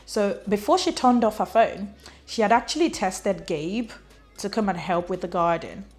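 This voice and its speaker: A woman's voice: medium pitch, normal speed, a little mellow, soft background music. Woman, book reviewer, chatty casual recap, lots of "like", acts out the characters. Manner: chatty, fills speech with "like", acts out quotes.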